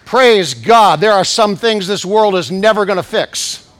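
A man preaching a sermon as bishop, acting out scripture quotes and swinging between shouted climaxes and soft asides. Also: high-pitched, animated, measured pace, a faint crowd. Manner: acts out scripture quotes in raised voice. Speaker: pastor.

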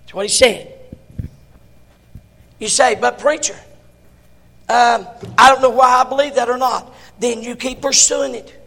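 A male pastor preaching a sermon in a church, swinging between shouts and hushed tones. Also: very high-pitched, fairly even intonation, measured pace, vocal fry, long pauses, long reverb tail.

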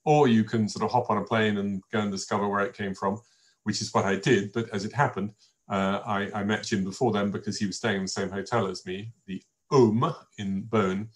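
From his home in a village, an older man hosts an informal wine tasting for an online audience, wandering through anecdotes with plenty of fillers and restarts in a chatty, unscripted way. His voice sits a little low, with a steady tone and a slightly fast pace.

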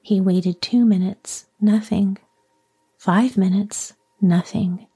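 Female storyteller for children's tales: soft, mellow, unhurried, drops to whispers. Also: mid-range voice, steady tone, husky, faint music behind. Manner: soft, slow, partly whispered. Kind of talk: storybook narration.

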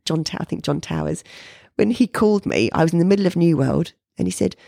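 Low, creaky New woman. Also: fast, dry recording, studio quality. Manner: animated, jumps high when quoting people. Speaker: painter being interviewed. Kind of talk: casual storytelling interview.

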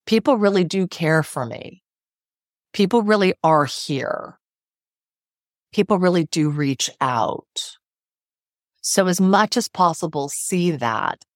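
A middle-aged woman with a lowish voice talks as a guest on a podcast. She is earnest and emphatic and often repeats a phrase for weight. The sound is close and dry. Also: animated, slow pace, pauses often, no echo. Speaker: psychotherapist guest. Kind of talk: podcast interview.

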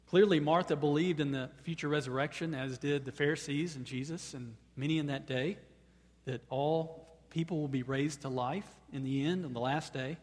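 A man preaching a sermon. He often repeats words as he starts a phrase, and at times he rises to loud, high-pitched proclamation. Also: fairly even intonation, normal speed, big-room sound. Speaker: pastor.

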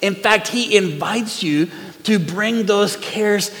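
A man in his forties preaching a sermon in a church, animated, swinging from loud to hushed. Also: sits high, slow. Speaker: pastor. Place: church sanctuary. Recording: long hall reverb.

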